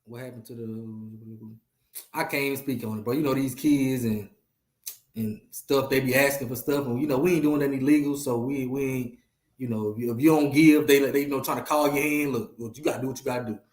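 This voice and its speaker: A man's voice: medium pitch, steady tone, a little fast, a little mellow, reverberant. A man hosting a casual livestream chat, talking animatedly and repeating himself as he addresses viewers. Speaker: host.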